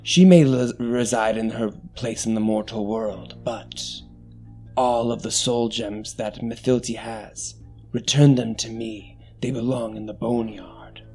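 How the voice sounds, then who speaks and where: A man voicing a slow, menacing skeletal death spirit. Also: fairly low pitch, fairly even intonation, mellow, husky, faint music behind. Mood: bargaining. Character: ominous male skeletal death spirit with scythe.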